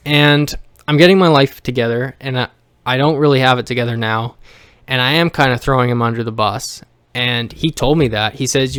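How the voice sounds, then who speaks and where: Brief: male vlogger, raw profane rant, smooth clear voice, dry close sound. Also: mid-range voice, fairly bright tone, no room sound. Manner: blunt, heavily profane, emotional venting; rambling with frequent restarts. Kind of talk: personal rant to camera.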